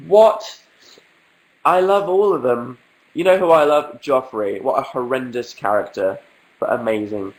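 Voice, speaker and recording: Over a rough webcam-mic recording, a young English man with a cold and a fairly high voice answers viewer questions on a laid-back livestream from home. He sniffles throughout and keeps up dry, self-mocking humour about how ill he feels.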